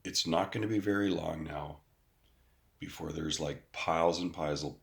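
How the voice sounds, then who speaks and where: A man's voice: rumbling low, normal speed, creaky. A man, recording an angry, profane rant into his phone outdoors. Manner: angry, profane rant with mocking quoted voices. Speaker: vlogger. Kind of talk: ranting to camera.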